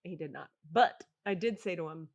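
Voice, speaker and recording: A middle-aged woman hosting a podcast, telling a story in a casual, animated and self-mocking way. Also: lowish voice, moderate pace, muffled recording. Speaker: podcast host.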